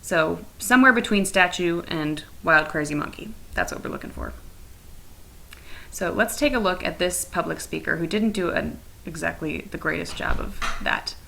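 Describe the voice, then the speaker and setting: A woman's voice: lowish voice, creaky, sharp tone, a little hiss or hum, poor audio. A young adult woman teacher giving a chatty, playful recorded lesson from her couch at home. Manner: chatty, playful and fast-talking.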